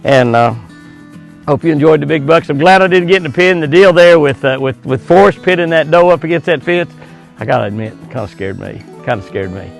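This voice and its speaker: A man's voice: on the high side, animated, brisk, gravelly, faint music behind. A man hosting a ranch show outdoors, chatting in a folksy way and coaxing animals with a lifted, sing-song call. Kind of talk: casual outdoor show narration.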